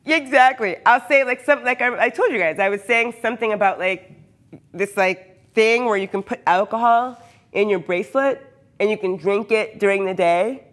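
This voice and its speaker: A woman's voice: medium pitch, normal speed, fairly bright tone. A hyper, chatty woman who often laughs, talking casually with her live viewers from her workshop. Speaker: cosplayer streaming live. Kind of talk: casual livestream chat with viewers.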